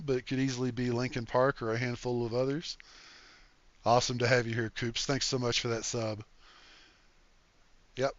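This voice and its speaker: A man's voice: medium pitch, no room sound, lo-fi sound. An older man hosting a casual game livestream, reading chat aloud in an easygoing, folksy way and thanking viewers.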